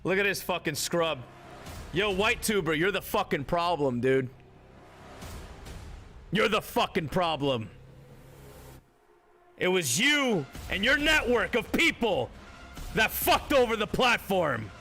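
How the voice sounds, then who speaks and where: Dude ranting on his stream, lots of cussing, slow drawn-out talk, jumpy pitch, some music low in the back. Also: sing-song, pushed and bright. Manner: heated, swearing, mocking, laughs often. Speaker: live streamer. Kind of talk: profane rant at live chat.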